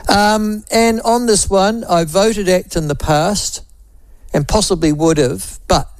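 A man's voice: sits high, takes it slowly, no room sound. A man with a New Zealand accent hosting talkback radio, chatting wryly and reading out listener messages. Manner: chatty, wry, self-deprecating asides.

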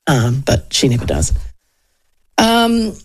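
A woman's voice: low voice, big pitch swings, slow pace. A New Zealand woman in her fifties hosting a radio talk show, chatting casually and rambling through political polls with frequent ums and asides. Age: 50s.

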